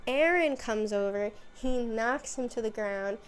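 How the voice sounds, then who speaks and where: A chatty woman with a fairly high voice talks through a story recap. She throws in sarcastic asides and quick bits of quoted dialogue. A faint hiss sits under the voice. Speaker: video essay host. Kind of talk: casual recap monologue.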